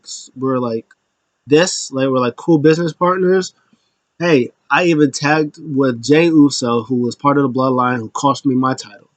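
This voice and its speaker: A man talking through a casual recap in an animated, rambling way, full of fillers and little laughs. His voice sits a bit high, and he keeps switching into quick impressions as he retells what happened. The sound is dry and close to the mic. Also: no echo. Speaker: wrestling recap host.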